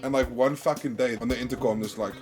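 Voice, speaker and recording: A man's voice: mid-range voice, steady tone, fast talker, loud music behind the voice. A South African man hosting a stream, telling rambling, profanity-laced anecdotes in casual chat. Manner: swears often, rambling anecdotes. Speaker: streamer host.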